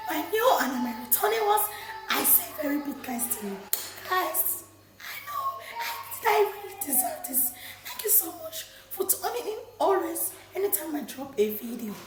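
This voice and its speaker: A woman and mother with a hoarse voice, chatting casually to camera in her kitchen and laughing often. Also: sits high, reverberant. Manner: chatty, laughing, addresses viewers as guys. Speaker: vlogger, mother. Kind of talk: casual vlog chat to camera. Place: home kitchen.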